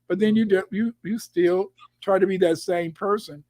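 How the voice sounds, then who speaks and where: A man's voice: high-pitched, steady tone, normal speed, dark tone, no room sound. A man on a video call, chatting casually and telling stories, often repeating his words as he rambles. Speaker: guest commentator. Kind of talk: casual conversation.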